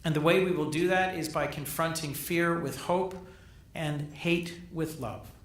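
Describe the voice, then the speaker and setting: A man's voice: on the high side, fairly even intonation. Man giving an emphatic speech in an echoey hall. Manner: measured, emphatic oratory with repeated phrases. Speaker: senator giving a gala speech. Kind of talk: formal political speech. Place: large banquet hall. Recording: echoey hall, captured from a distance.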